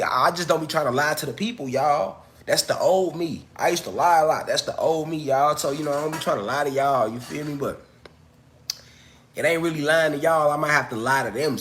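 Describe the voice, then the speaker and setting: A man's voice: fairly high pitch, a little fast, a bit bright, slight background noise. A man hosting a casual livestream at home, talking straight to his viewers in loose slang, with a cough as he gets over an illness. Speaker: livestream host.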